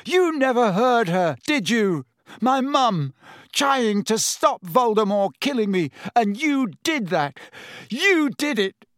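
A man voicing an enraged teenage boy wizard who shouts with a shaking voice. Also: high voice, animated, takes it slowly, hardly any pauses, dry recording, clean studio sound, voice pushed up. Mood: furious, shaking.

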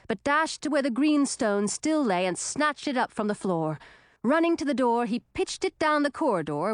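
A woman with a somewhat high voice narrates a fantasy story, reading with expressive, dramatic energy. The recording is close and dry, with no room sound. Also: clean tone, no echo. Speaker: audiobook narrator.

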